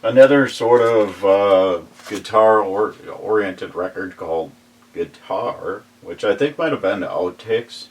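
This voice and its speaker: A middle-aged man talks through a collection in an unhurried, drawn-out way. His voice sits on the low side, and he chuckles easily as he recalls things in casual shop chat. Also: distant mic. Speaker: record shop collector showing albums.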